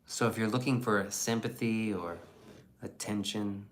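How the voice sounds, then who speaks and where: A man's voice: lowish voice, fairly even intonation, a little slow. A man hosting a casual livestream and reading the chat aloud, in a blunt, profane and rambling way.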